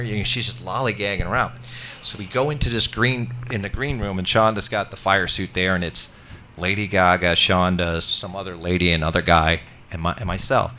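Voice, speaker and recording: A man's voice: lowish voice, sharp tone, a little hiss or hum. A middle-aged man telling a rambling, self-interrupting anecdote as a guest in casual chat. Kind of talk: casual storytelling.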